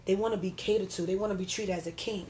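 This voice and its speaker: A blunt, outspoken woman argues her side on a podcast and teases the other speaker without holding back. Her voice sits at a middle pitch, with a faint hum of background noise. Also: fairly even intonation, quick pace, darkish tone. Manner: blunt, teasing, swears freely. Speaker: podcast guest. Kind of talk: heated casual debate.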